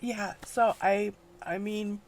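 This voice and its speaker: A middle-aged woman, hosting a crafting vlog, talking tearfully with many pauses and fillers. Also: mid-range voice, steady tone. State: near tears. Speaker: crafting channel host. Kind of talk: emotional personal vlog.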